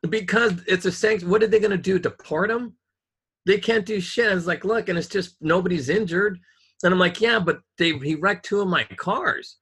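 A man's voice: high-pitched, moderate pace, fairly bright tone, husky. A man in casual chat, telling a story in an angry, profane rant.

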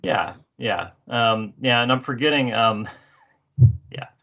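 A man's voice: mid-range voice, expressive, slow, gravelly, highs cut off. A man co-hosting a sports podcast, chatting casually and hesitantly, with many fillers. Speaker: podcast co-host.

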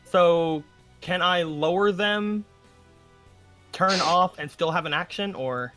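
A man's voice: sits high, slow pace, fairly bright tone, faint music behind. A man playing a tabletop game, chatty and joking, who repeats words while he thinks. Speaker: player. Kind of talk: casual tabletop play.

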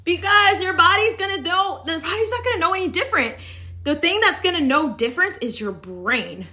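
A young woman giving a chatty motivational talk as an online business coach, acting out anxious and excited inner voices. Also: extremely high pitch, a little fast.

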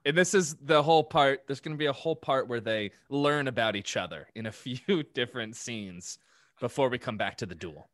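A man's voice: mid-range voice, brisk, fairly bright tone. A man reading his own comedy script aloud and chatting casually, self-mocking and laughing often.

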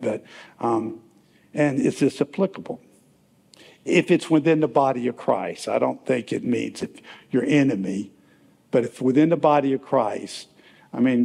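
Gravelly preacher in an echoing church. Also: male voice, mid-range voice, dark tone. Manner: conversational, rambling, asks the congregation questions. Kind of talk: sermon. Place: church sanctuary.

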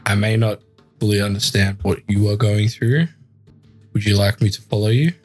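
A man's voice: fairly low pitch, fairly even intonation, normal speed, slightly rough, soft background music. A man playing a loyal, formal warrior who speaks in clipped phrases. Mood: solemn.

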